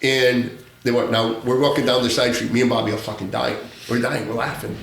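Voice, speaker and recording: A man's voice: mid-range voice, little pitch movement, brisk, creaky, a bit bright, echoey room, slight background noise. A man telling a long undercover story in casual podcast talk, acting out the voices of the people in it, laughing often and swearing. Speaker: podcast guest, former narcotics agent.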